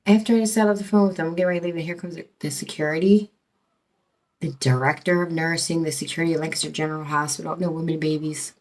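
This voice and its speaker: A middle-aged woman with a low voice tells her story casually. She rambles, swears often and breaks off mid-sentence to start again. Her telling stays emotional throughout. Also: a little mellow. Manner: rambling, profane, emotional, many restarts. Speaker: storyteller recounting her past.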